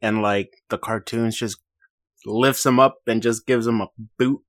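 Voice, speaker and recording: A man's voice: medium pitch, steady tone, a little slow, a bit bright, no echo, studio quality. A young man co-hosting a casual podcast, joking and teasing with plenty of swearing and laughter. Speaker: podcast co-host. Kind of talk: casual chat.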